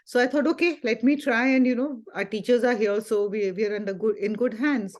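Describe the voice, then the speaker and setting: A woman's voice: a little high, fairly quick. Woman, spiritual teacher, earnest, conversational testimony. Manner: earnest storytelling with frequent fillers and quoted dialogue. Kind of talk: personal testimony in a Sunday talk.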